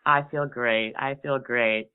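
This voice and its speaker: A woman's voice: very deep voice, fairly even intonation, unhurried, smooth. A middle-aged woman hosting a call-in talk show, telling a family story in a chatty way and laughing between sentences. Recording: tinny phone-like sound.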